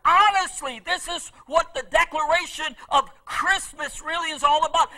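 Very high, bright-voiced preaching man. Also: moderate pace, few pauses, low-quality recording. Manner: impassioned preaching with repeated phrases; swings between loud emphasis and soft asides. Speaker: pastor. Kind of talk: sermon.

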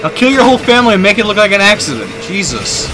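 Lively high-voiced male game streamer. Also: music in the background. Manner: joking, animated, quick to laugh and yell at the game. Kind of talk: casual gaming stream commentary.

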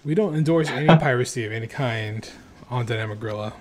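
A man's voice: mid-range voice, fast talker, crowd noise. Teasing, joking male podcast host. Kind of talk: casual chat about tabletop games.

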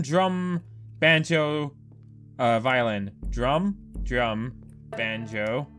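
A man giving let's play commentary on a horror game, excitable and prone to profane outbursts. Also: fairly high pitch, smooth. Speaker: gameplay commentator.

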